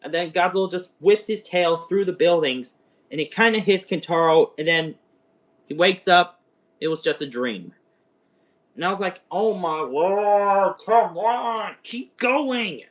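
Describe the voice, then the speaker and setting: A young man chatting through a spoiler review on a livestream, his voice sitting a little high. He rambles excitably, like an eager fan catching up with friends. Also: moderate pace. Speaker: show reviewer. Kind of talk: casual spoken review livestream.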